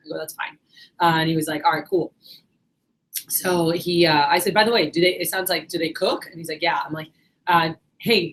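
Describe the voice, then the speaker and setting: Fast-talking woman telling sales stories. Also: lowish voice, poor audio. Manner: storytelling, acts out calls. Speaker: sales manager. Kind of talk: sales training talk.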